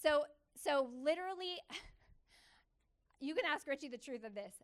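A woman preaching a testimony sermon to a church gathering, telling her story with animated, emphatic repetition. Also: sits high, unhurried. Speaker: church speaker.

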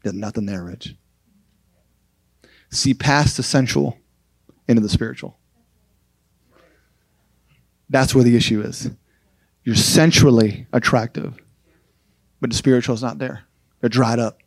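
A man's voice: medium pitch, steady tone, moderate pace, vocal fry, pauses often. A man preaching a sermon, emphatic and repeating short, punchy phrases.

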